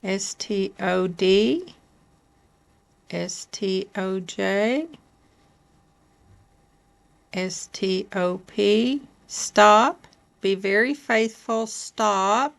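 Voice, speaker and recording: This is a woman patiently working through a letter board, naming each letter and asking whether it's the right one. Her voice carries a gravelly, creaky texture. She talks at a very slow, deliberate pace, with a soft laugh slipping in now and then. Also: medium pitch. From Kentucky.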